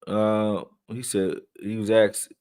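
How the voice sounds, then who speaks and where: A man with a fairly low voice hosts a live sports stream and chats in a loose, way, now and then reading viewer comments aloud. The sound is dry and close, with no room around it. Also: level tone, slow, darkish tone, clean tone, no echo. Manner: loose, conversational, reads viewer chat aloud. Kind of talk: casual live-stream film breakdown.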